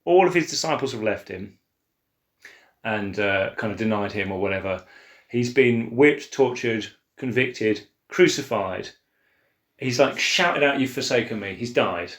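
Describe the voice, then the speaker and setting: Animated man, echoey room. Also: measured pace. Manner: animated, acts out quotes with big pitch swings and laughs. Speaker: co-host of a church Bible podcast. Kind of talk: casual Bible discussion.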